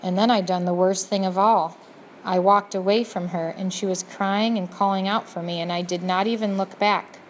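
A rough-spoken old prisoner, worn down and remorseful, talks in plain broken grammar with sniffs between words, as a woman reading the storybook puts him on. The voice sits near a middle pitch, with faint noise underneath. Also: fairly even intonation, moderate pace, natural voice. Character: poor, remorseful older male prisoner.

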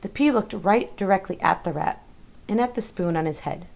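A woman narrating a children's novel as an audiobook in a measured, expressive way. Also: on the low side, creaky. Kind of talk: scripted storybook narration.

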